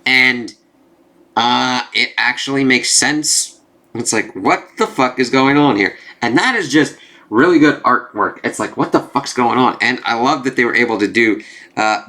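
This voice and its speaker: A man's voice: medium pitch, pushed and bright. A man reviewing a comic book in a casual, profane way, with lots of fillers.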